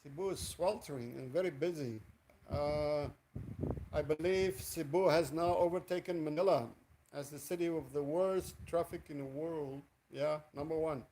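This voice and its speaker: Rambling man, fairly high voice. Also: warm tone, a little hiss or hum, poor audio. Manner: rambling, chatty, greets viewers by name. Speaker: live streamer. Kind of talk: casual live stream chat. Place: indoors in Cebu, Philippines, in the evening.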